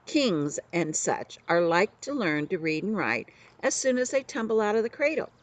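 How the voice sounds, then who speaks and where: A woman voicing a gruff, boastful male outlaw leader in a storybook reading, bossing everyone around in rough slang. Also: mid-range voice, sing-song, normal speed, pitched above the performer's own voice, close to an everyday voice. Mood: scornful. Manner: coarse old-fashioned slang, bossy.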